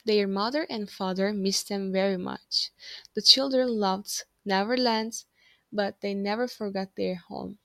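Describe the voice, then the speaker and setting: A woman reads a children's storybook aloud, clear and expressive. She keeps a slow, measured pace at a mid pitch. The recording is dry and close. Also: dry recording. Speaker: narrator.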